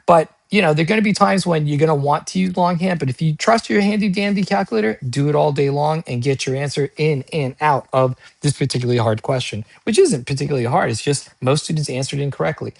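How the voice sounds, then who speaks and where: A male math tutor with a gravelly, fairly high voice works through test problems, firing off quick questions and answering them in a chatty, slangy way. The sound is dry and close. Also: no room sound. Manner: energetic, asks and answers his own questions. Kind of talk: video math lesson.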